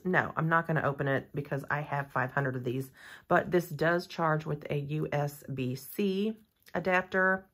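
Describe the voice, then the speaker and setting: A woman with a deep but fairly bright voice is doing a casual unboxing review of nail gear. A nail content creator reviewing a product, she's chatty and gushing, wandering into rambling asides.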